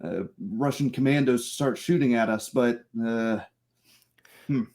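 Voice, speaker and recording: A man's voice: mid-range voice, steady tone, measured pace, darkish tone. A man playing a tabletop role-playing game, speaking tersely in short, laconic phrases. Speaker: player.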